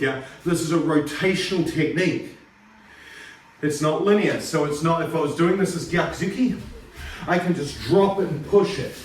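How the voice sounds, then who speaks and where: Male karate instructor, slightly higher voice, informal lesson with sharp counted reps; distant phone mic, very echoey room, faint background noise. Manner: explains then counts reps aloud in sharp calls. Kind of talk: informal martial arts lesson. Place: home training room. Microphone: phone camera across the room.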